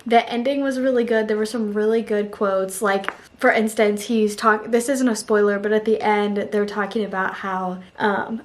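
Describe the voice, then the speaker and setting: A woman's voice: medium pitch, fairly even intonation, normal speed, few pauses. A young woman talking casually about books she read, chatty and full of "like" fillers. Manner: chatty, emotional, frequent "like" fillers. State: tearful, on the verge of crying. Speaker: book reviewer. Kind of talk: casual book review vlog.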